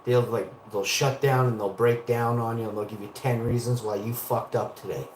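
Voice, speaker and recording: A man's voice: mid-range voice, steady tone, moderate pace, roomy sound, noisy background. A man in his forties from Canada, rambling profanely through stories as a livestream host. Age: 40s. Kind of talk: rambling casual monologue.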